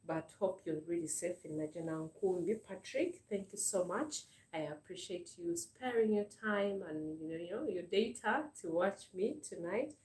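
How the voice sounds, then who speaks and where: A woman's voice: lowish voice, animated, moderate pace, few pauses, darkish tone, far from the mic. A woman with a Ugandan English accent, hosting a live stream in a casual, earnest chat full of thanks and fillers. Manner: earnest, grateful, repeats words and uses many fillers. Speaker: channel host. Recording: roomy sound, voice a bit off-mic.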